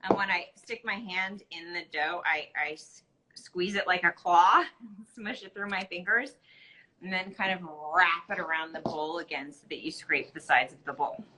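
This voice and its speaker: Bright-voiced woman explaining as she bakes. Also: on the low side, normal speed, a little hiss or hum, low-quality recording. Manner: chatty, explains steps while working with her hands. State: tired. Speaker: co-host showing bread baking. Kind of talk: casual chat on a live stream.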